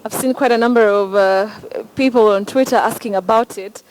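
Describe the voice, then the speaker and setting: A woman presenter, briskly putting word questions to a guest and spelling words out. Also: on the high side, a little mellow, low-quality recording. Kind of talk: on-air interview segment.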